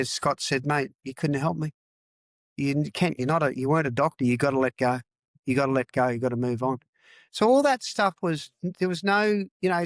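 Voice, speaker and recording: A man's voice: fairly high pitch, no echo. A man in his fifties, a former rugby player telling his story as a podcast guest in a raw, frank way, repeating words for emphasis. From Australia. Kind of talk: candid personal storytelling.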